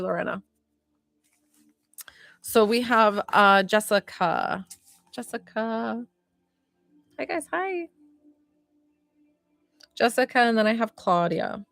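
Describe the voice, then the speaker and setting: A woman working as a psychic medium, giving live readings to viewers in a warm, rambling way with lots of filler words. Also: medium pitch, measured pace, vocal fry, pauses often, soft background music. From northern United States.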